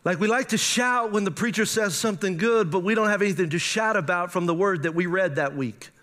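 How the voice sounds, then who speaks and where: Middle-aged male pastor, high-pitched, lively sermon storyteller. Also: fairly quick. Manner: storytelling, animated, acts out his own thoughts in quotes.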